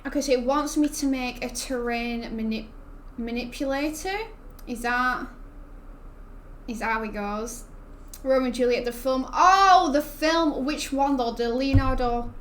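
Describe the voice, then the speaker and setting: A young woman chats away on her gaming stream, rambling and laughing as she goes. Her voice sits a little high. Faint background noise runs under her desk mic. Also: a little slow, fairly bright tone. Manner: chatty, rambling, laughs often. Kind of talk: casual gaming stream chat.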